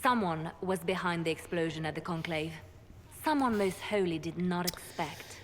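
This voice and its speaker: Brief: woman as measured female spymaster, lowish voice, reverberant. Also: a little hiss or hum, natural voice. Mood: calm. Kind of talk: video game voice acting.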